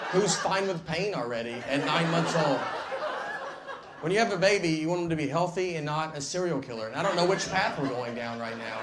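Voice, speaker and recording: A middle-aged man with a Southern US accent doing a stand-up comedy set, telling stories in a dry, deadpan way into a handheld mic on a theater stage. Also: on the high side. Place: theater stage before a laughing audience. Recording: live hall recording with long reverb and audience noise.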